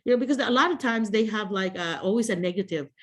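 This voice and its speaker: Chatty woman on a video call, laughing often and full of fillers and restarts. She talks to teachers in a casual advice style, middle pitch. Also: animated, quick pace.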